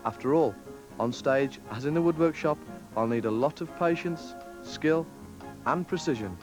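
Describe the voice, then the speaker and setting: A man's voice: fairly high pitch, moderate pace. A man of twenty, giving a scripted, pun-filled voice-over introduction to himself. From West Midlands, England. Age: 20s. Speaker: talent show contestant. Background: music.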